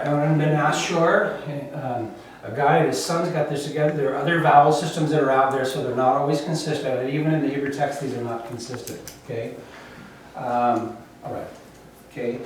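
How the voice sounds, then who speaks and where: A man teaching a Bible Hebrew class, patiently drilling letters and often checking in with the students. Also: mid-range voice. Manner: patient, repeats "okay?" to check understanding; slow, careful letter-by-letter drilling. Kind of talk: classroom lecture. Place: classroom, recorded from the back. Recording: very echoey room, distant mic, faint noise.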